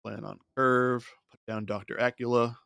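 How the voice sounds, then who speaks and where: A man's voice: medium pitch, level tone, moderate pace, vocal fry, fairly bright tone, clean tone, no echo, studio quality. A man casually talking himself through a digital card game as a streamer, muttering his moves and thoughts. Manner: muttering thoughts while playing. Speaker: gaming streamer. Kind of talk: casual gameplay commentary.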